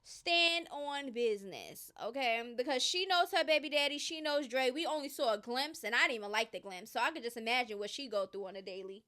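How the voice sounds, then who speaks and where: Smooth-voiced woman giving emphatic commentary. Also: fairly high pitch, quick pace, few pauses. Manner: emphatic and opinionated, swings between loud and muttered. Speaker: gossip commentary host. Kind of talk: casual commentary, reading posts aloud.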